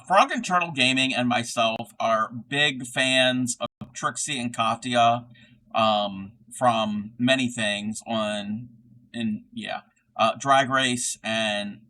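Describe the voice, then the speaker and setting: A man's voice: medium pitch, bright, forceful tone, poor audio. A man chatting casually on a livestream while crocheting, reading chat aloud and laughing often. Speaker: streamer crocheting live.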